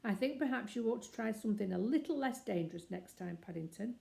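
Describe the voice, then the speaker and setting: A woman's voice: medium pitch, animated, fast talker, vocal fry, warm tone, pitched above the performer's own voice. A woman reading aloud and voicing a good-humoured middle-aged father. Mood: amused. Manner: amused, mildly cautious.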